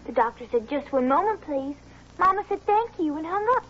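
A woman's voice: high voice, lively intonation, brisk, lo-fi sound, very noisy. An actress playing a naive, sweet young Southern woman with a Southern US accent in a 1980s sitcom, chatty and innocent.

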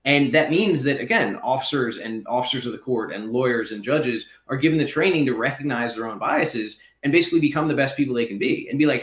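A man's voice: mid-range voice, brisk, hardly any pauses, fairly bright tone. A man who is a former prisoner, guest in a conversational interview, arguing in an articulate, reasoned way. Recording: roomy echo.

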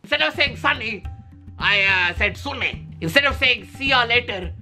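Man doing a Pakistani dad, older, boastful, rambling, high voice, bright tense tone. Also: expressive, moderate pace, soft background music, full character voice. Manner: rambling, bragging, laughing at own jokes.

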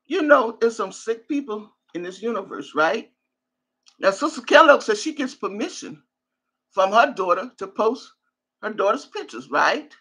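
A woman's voice: a little high, lively intonation, moderate pace, bright, forceful tone, husky. An older woman hosting a live stream, reading viewer comments and then launching into an angry, profane rant. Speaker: livestream host. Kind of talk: live reaction stream, reading chat and ranting.

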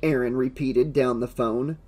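A man's voice: mid-range voice, fairly even intonation, a little slow, darkish tone, faint music behind. Man narrating an audiobook.

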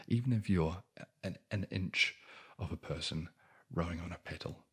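A man's voice: low voice, normal speed, a bit bright, slightly rough. A man telling a bedtime fairy tale in a whispered ASMR style, with dry, sarcastic asides. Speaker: ASMR storyteller.

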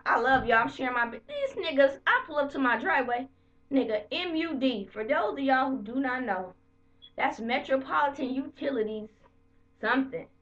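A woman vlogger telling the story of her bad day to camera in a heated, profane, animated way. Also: high-pitched, far from the mic, dull audio. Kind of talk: casual storytelling rant to camera.

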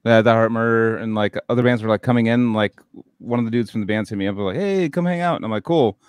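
A man hosting a podcast, talking casually in laid-back slang with quick affirmations. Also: on the low side, flat delivery, clean tone, no room sound. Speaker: podcast host. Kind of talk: casual chat.

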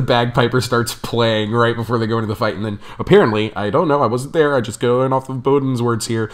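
A man's voice: medium pitch, fairly quick, hardly any pauses. A young man telling a rambling story on his vlog, chatty and laughing often. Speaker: vlogger.

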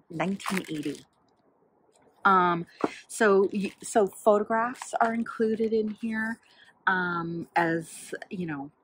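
A woman's voice: on the low side, fairly bright tone, breathy edge, poor audio. A woman chatting casually about a book she read, rambling with many fillers as she flips through its pages to find examples. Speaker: book vlogger.

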